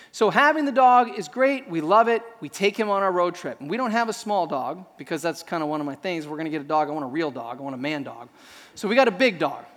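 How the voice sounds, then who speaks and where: Pastor, male, higher-pitched voice, humorous storyteller in the pulpit. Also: in a large hall. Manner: animated storytelling with self-deprecating humor. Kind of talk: sermon.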